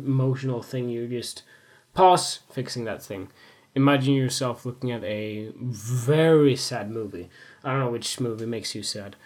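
A young man and photographer talking frankly in a casual, rambling monologue, swearing freely and joking at his own expense. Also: medium pitch. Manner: candid, rambling, swears freely, self-mocking humor.

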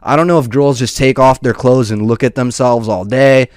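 A man's voice: medium pitch, fairly even intonation, moderate pace, a little mellow, clean tone, no room sound, clean studio sound. A young man rambling casually and profanely, peppering his talk with "dude" and "man". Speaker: podcast host.

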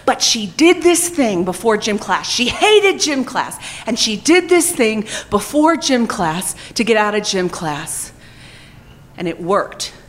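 A woman telling a humiliating personal story to a live audience, animated, self-mocking and full of swearing. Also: medium pitch, slow pace, slight background noise.

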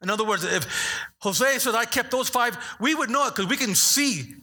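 A male pastor delivers a sermon with lively, swooping animation, his high, bright voice carrying a husky grain. At a moderate pace, he makes playful asides to the congregation before pressing his point.

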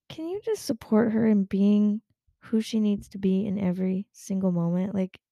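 A woman's voice: mid-range voice, gravelly, mellow, no room sound, clean studio sound. A young adult woman hosting a casual talk show, venting with frequent swearing and laughter. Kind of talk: casual chat.

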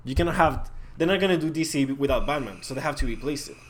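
A man's voice: medium pitch, lively intonation, quick pace, a little hiss or hum. A man in casual chat who chimes in with skeptical remarks.

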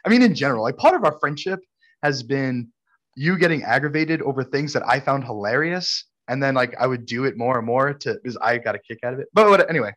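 A fast, animated man with a medium pitch and fairly bright tone tells a story in a casual podcast conversation with friends. He's a co-host from Brooklyn, New York and laughs a lot along the way.

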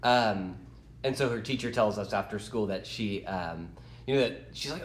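A man's voice: lowish voice, normal speed, roomy sound. A man in his thirties, a podcast co-host, chatting casually and chuckling through a story about his daughter. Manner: lively, chuckling, swears mildly with "dude". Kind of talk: casual chat.

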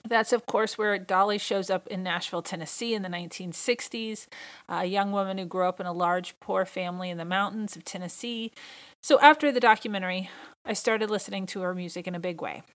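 A woman's voice: medium pitch, brisk, a bit bright. A woman hosting her own podcast in a casual solo monologue, talking with gushing enthusiasm. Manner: enthusiastic, gushing fan talk. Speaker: podcast host.

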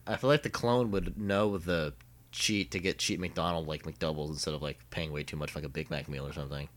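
Deep-voiced young man, casual chat. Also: steady tone, a little fast. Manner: loose, swears casually, trails off quietly.

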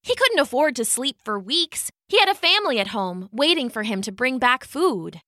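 A woman storyteller narrates a fairy tale in an unhurried, measured way. Her voice is bright and a little high. The sound is dry and close, with no room around it. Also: big pitch swings, no echo.

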